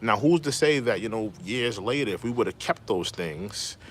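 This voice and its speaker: A man's voice: on the low side, lively intonation, moderate pace, slight background noise. A man hosting a casual livestream, giving his opinions at length with many "you know" fillers. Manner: reads viewer comments aloud and answers them. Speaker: livestream host.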